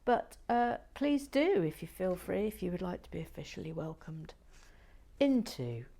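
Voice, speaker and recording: A woman hosting her channel in relaxed, playful chat, often dropping into whispered asides and stammering restarts. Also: lowish voice, moderate pace, gravelly. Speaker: channel host building and reviewing brick sets. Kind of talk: relaxed casual chat to viewers.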